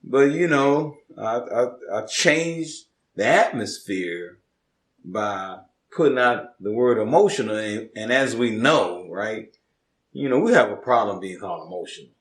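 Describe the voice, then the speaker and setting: Animated laughing male co-host. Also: medium pitch, measured pace. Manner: animated, laughing, preacher-like emphasis. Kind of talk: casual chat. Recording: roomy room echo.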